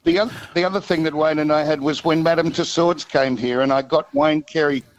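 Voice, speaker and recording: A man's voice: a little high, fairly even intonation, a little fast, rough recording. An older Australian man, a guest on a sports radio show, telling jokes and stories in playful banter. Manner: playful storyteller, repeats "I tell you what". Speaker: guest, former TV host.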